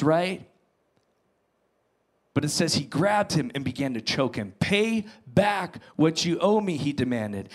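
A male pastor preaching to his congregation, retelling a parable with dramatic emphasis and quiet asides. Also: a little high. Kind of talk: sermon.

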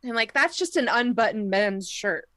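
A woman co-hosting a casual podcast, animated and full of "like" as she talks. She laughs often. The recording is dry with no room sound. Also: a little high, normal speed, dry recording. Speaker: podcast co-host. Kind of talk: casual chat.

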